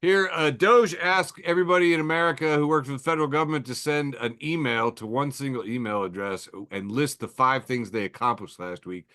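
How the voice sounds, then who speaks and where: A man's voice: mid-range voice, fairly quick, few pauses, pushed and bright, smooth. Wry man hosting a casual podcast. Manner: wry, chuckling, loose and conversational. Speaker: podcast host. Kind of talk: casual chat reading memes aloud.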